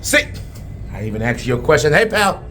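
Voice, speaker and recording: A man cutting a brash, rambling comedic wrestling promo, full of fillers and sudden yells. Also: medium pitch, fast, slight background noise.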